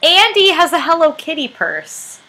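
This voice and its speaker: A woman's voice: very high voice, sing-song, moderate pace, bright, forceful tone. A young woman co-hosting a podcast in casual chat, giggly and self-deprecating. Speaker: podcast co-host.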